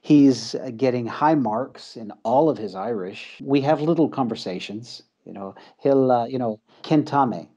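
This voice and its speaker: A man's voice: medium pitch, normal speed, hardly any pauses, lo-fi sound. An American man in his thirties or forties, a guest chatting casually in an interview, telling stories with chuckles and fillers. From United States. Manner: relaxed storyteller, chuckles often, many fillers.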